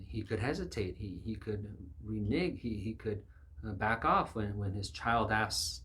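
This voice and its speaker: A man's voice: on the low side, moderate pace, a bit bright. A man preaching a sermon in an emphatic way, acting out the voices of the people he quotes.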